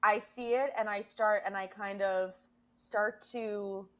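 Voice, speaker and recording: A woman's voice: medium pitch, fairly even intonation, slow pace. A woman playing in a casual tabletop role-play, with a playful, giggly manner. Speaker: player.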